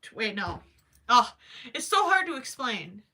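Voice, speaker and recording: A woman's voice: fairly high pitch, big pitch swings, measured pace, pushed and bright. A young woman hosting a casual crochet livestream, chatting to viewers, apologizing often and giggling as she thinks aloud.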